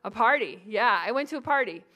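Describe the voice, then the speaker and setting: A woman in her forties from New England, a psychology professor lecturing at a conference with lively, joking asides to the audience. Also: on the high side, a little fast, lo-fi sound. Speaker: psychology professor giving a talk.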